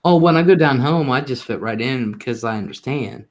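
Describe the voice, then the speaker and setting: A man's voice: medium pitch, lively intonation, brisk. Chatty man telling stories on a livestream. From northern US. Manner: chatty storyteller, laughs between lines. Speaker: host of a live talk stream. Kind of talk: casual chat, telling anecdotes.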